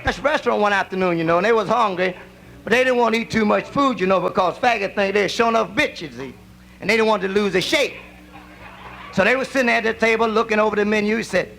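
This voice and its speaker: High-voiced raunchy stand-up comic. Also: male voice, fast talker, creaky, a bit bright, a little hiss or hum. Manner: raunchy storytelling with drawling asides. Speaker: stand-up comedian. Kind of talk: live nightclub stand-up comedy. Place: nightclub stage.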